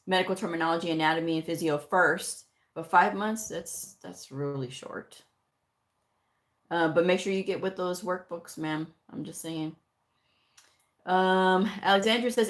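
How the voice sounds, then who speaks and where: A middle-aged woman hosting a live stream, casually chatting and reading out and answering viewer comments. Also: on the low side. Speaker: livestream host answering viewer questions.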